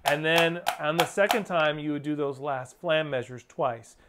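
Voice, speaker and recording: A drum teacher whose voice sits on the high side speaks at a normal speed through a step-by-step rudiments lesson. He patiently names the counts and stickings in plain coaching, over a distinct clicking noise.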